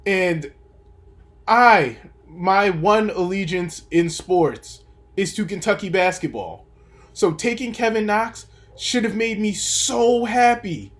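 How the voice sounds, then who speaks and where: Animated young man ranting about basketball. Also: high voice, slow. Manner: animated, opinionated, rambling with fillers. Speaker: podcast host. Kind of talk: casual sports commentary monologue.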